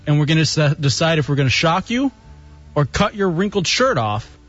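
A man's voice: on the high side, very animated, normal speed, fairly bright tone, breathy edge. A male radio host bantering, playful and mock-stern as he teases a colleague. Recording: dull radio broadcast with faint music.

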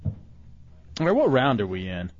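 A man's voice: mid-range voice, huge pitch swings, takes it slowly, slight background noise. A man hosting a radio show, joking and teasing his co-hosts while running a fantasy football draft, often laughing. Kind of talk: casual radio banter. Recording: dull lo-fi radio recording.

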